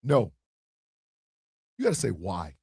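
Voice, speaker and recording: A man with a high, gravelly voice that leaps up and down in pitch, speaking from a dry, close setup. He hosts a livestream and preaches with fiery emphasis. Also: very animated, measured pace, no room sound. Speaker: internet radio co-owner and host. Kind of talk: impassioned livestream monologue.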